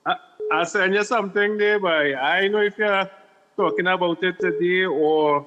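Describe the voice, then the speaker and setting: A man's voice: high voice, moderate pace, sharp tone. Casual Trinidadian male caller, hesitant, echoey muffled phone. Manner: casual, hesitant, says boy a lot. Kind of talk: phone-in chat. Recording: dull phone line with reverb.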